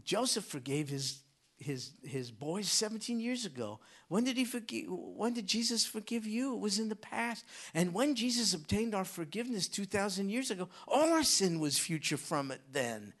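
Husky man preaching a sermon. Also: high-pitched, big pitch swings, moderate pace. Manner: swings from loud emphatic bursts to hushed whispers.

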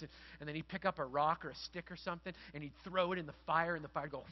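A middle-aged man delivers a sermon as a pastor, his voice sitting high for a man. He talks like he is telling stories to friends, then leans into earnest emphasis. The recording sounds muffled and lo-fi. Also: fairly even intonation, very fast, few pauses. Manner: conversational storytelling, building to earnest emphasis.

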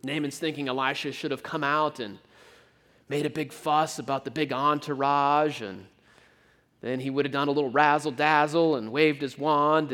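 Brief: a man preaching a sermon, lively and conversational, trips over his words, fairly high pitch. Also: moderate pace. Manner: animated storytelling with repeated stammered starts.

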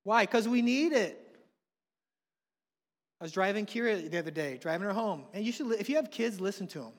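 A man, preaching a sermon with passion, swinging between hushed and loud. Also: sits high, lively intonation, brisk. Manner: impassioned, swings from soft to loud. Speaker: pastor. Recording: long reverb of a large hall.

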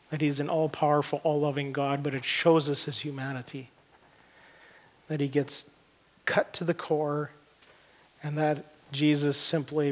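A middle-aged man, preaching a sermon in an earnest, conversational way and repeating words as he looks for them. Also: medium pitch. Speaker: pastor. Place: church hall. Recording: long reverb of a church hall.

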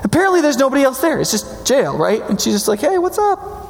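A man teaching Bible stories in a casual, jokey way, animated and acting out quotes, with frequent "right?" asides. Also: extremely high pitch, fast talker, creaky. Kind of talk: casual storytelling lecture. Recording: long hall reverb.

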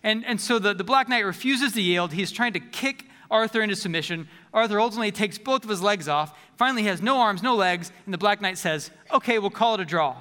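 High-voiced man preaching in a reverberant hall. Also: a little fast, hardly any pauses, pushed and bright. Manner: conversational, repeats words when restarting. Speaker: pastor. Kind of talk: sermon.

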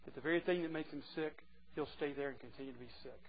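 A man preaching a sermon to a group of men, earnest and moving between hushed and emphatic delivery. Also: a little high, fast, a little hiss or hum. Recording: muffled lo-fi recording.

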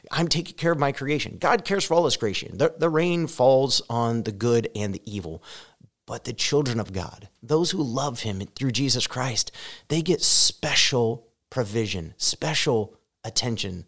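Male pastor, sermon delivery, earnest and direct, emphatic in scripture reading. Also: medium pitch. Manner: earnest preaching, rising loud and emphatic when reading scripture; direct address to listeners.

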